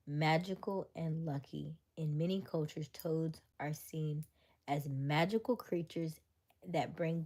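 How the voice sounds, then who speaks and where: On a relaxed late-night livestream, the female host chats with her viewers, laughs a lot, drops into whispers now and then, and reads answers aloud. Her voice is low with a darkish tone.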